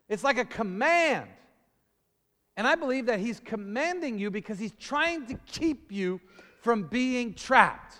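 Animated high-voiced male preacher. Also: a little slow, in a large hall. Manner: animated, call-and-response preaching. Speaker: pastor. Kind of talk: sermon.

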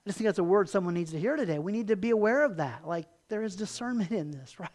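Animated and quick, this pastor reads from scripture with rising emphasis during his sermon. He explains it in everyday terms and raises rhetorical questions, often finishing a point low and soft.

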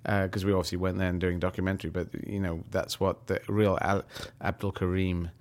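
Give me a low-voiced man who rambles and tells stories animatedly as a radio guest. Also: flat delivery, fairly quick, darkish tone. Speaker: comedian and actor guest. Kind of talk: radio interview.

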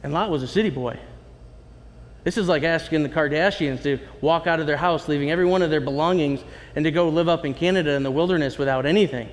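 A man delivers a sermon in a chatty, animated style and often turns to the congregation with asides. His voice sits a little high for a man. The sound carries the long reverb of a large hall. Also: quick pace. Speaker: pastor.

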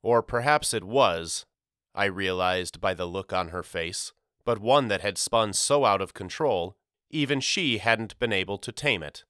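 A man narrating an audiobook in the first person, with measured, somber storytelling. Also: on the low side, pushed and bright, smooth, no room sound, clean studio sound.

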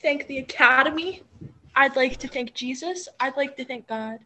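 A woman's voice: high voice, moderate pace, sharp tone, slight background noise. Jokey, rambling young woman host. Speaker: podcast co-host. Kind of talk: casual chat.

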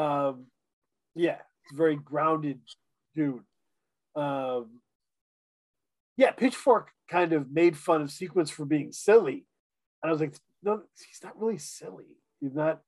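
A man's voice: a little high, animated, measured pace, long pauses, darkish tone, no room sound. A man co-hosting a casual podcast chat about an album, talking enthusiastically with lots of fillers and restarts. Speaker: podcast co-host reviewing an album.

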